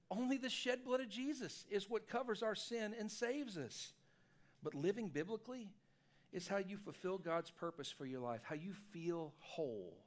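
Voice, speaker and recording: Male pastor, animated storyteller, self-deprecating, fairly high voice. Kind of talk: sermon. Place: church sanctuary.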